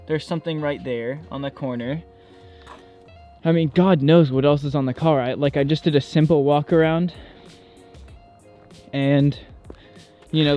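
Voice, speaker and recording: A man's voice: medium pitch, darkish tone. A young man vlogging casually outdoors around his car, talking frankly and swearing in exasperation. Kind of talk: casual vlog.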